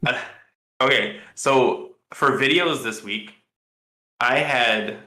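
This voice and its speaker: A man's voice: mid-range voice, takes it slowly, pushed and bright, echoey room. A man co-hosting a casual podcast chat, rambling and thinking aloud with lots of fillers and restarts. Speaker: podcast co-host.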